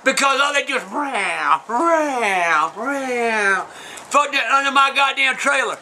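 A man doing a shrill, foul-mouthed old trailer-park grouch. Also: animated, slow pace, bright, forceful tone, a little hiss or hum, heavily acted, low-quality recording. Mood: cursing. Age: older. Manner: profane, rambling, insulting ranting. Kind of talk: comedic character Q&A.

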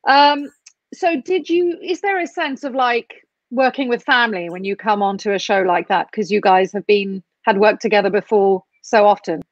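A woman's voice: mid-range voice, normal speed, no echo. A woman from South Africa hosting an interview, chatty and encouraging with her guest. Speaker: host. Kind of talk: casual interview. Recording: dull, dry lo-fi sound.

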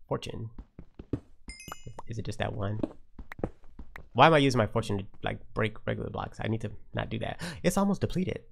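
A man giving uncut running commentary on his own game, talking to himself and venting frustration out loud. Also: fairly low pitch, animated, a little fast, vocal fry, long pauses, noisy background. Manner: talks to himself while playing, frustrated outbursts. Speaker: Minecraft let's player.

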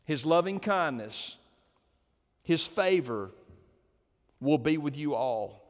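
Impassioned high-voiced preacher, booming hall. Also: male voice, lively intonation, slow pace. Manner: impassioned, swings from hushed to loud exclamations. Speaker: pastor. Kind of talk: sermon.

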